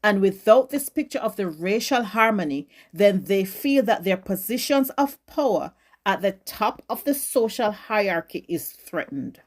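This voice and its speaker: A woman's voice: mid-range voice, animated, a little slow. A woman firmly rebutting another creator in a reaction commentary. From Jamaica. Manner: firm, argumentative, rebutting.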